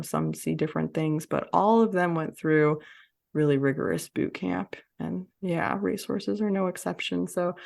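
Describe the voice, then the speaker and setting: Low creaky-voiced woman hosting a podcast, laughs a lot, thoughtful. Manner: warm, reflective, laughs often. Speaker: podcast host. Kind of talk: conversational podcast interview.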